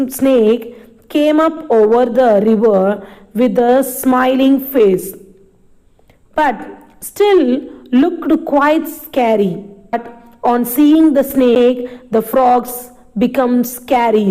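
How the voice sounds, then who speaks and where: A woman's voice: high voice, mellow, poor audio. A woman teacher reading a story to children and explaining each new word as she goes, repeating lines patiently.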